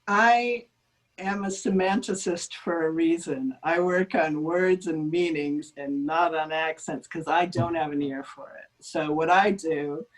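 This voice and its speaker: A woman's voice: fairly low pitch, unhurried, poor audio. Chatty woman linguist. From United States. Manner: chatty, self-deprecating, with frequent ums. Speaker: linguist guest. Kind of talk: conversational interview.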